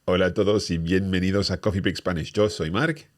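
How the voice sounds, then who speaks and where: A man hosting a language lesson, explaining each phrase and repeating it clearly for learners. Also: deep voice, fairly even intonation, fast, a little mellow. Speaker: language teacher and host.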